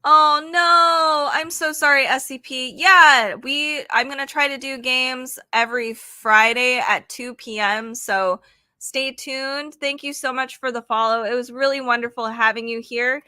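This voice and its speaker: A woman's voice: sits high, steady tone, a little slow, pushed and bright, dry recording, clean studio sound. A woman hosting a casual trivia livestream, chatty and apologetic as she reads questions aloud to her chat. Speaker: livestream host running trivia games.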